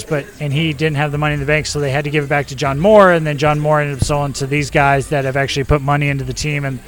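A man's voice: fairly high pitch, flat delivery, fast, hardly any pauses, soft background music. A middle-aged man, a former ball player, chatting casually and correcting himself as he tells stories. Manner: rambling, self-correcting storyteller. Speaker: former pro baseball player, podcast guest. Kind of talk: casual chat.

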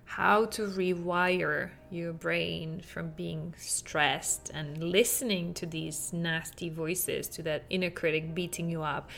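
Gravelly-voiced woman podcast host. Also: on the low side, slow pace, hardly any pauses. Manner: animated, acts out quotes with laughs. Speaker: podcast host, parenting coach. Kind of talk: podcast monologue.

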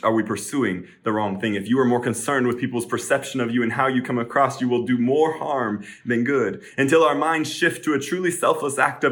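A man's voice: mid-range voice, brisk, hardly any pauses, a bit bright. A man preaching a sermon, earnest and rising to urgent pleading.

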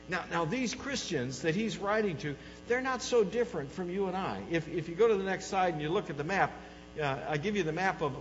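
A man preaching a sermon, telling stories with animation and swinging from loud exclamations to hushed lows. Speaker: pastor. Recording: dull reverberant hall with mains hum.

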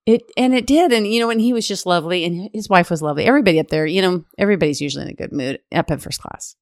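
A woman's voice: fairly low pitch, racing, no echo, clean studio sound. A woman, a flight attendant, telling stories animatedly on a podcast with laughter. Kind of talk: casual podcast storytelling.

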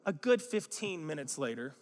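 Recorded in a church sanctuary with long hall reverb, a man preaches a sermon at a slightly slow pace. His fairly high voice is very animated as he tells stories conversationally, poking fun at himself.

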